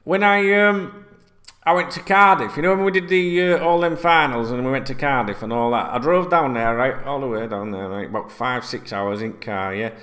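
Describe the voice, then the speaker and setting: A man's voice: mid-range voice, normal speed, a bit bright. A middle-aged man, chatting casually as a football fan host, rambling and swearing freely.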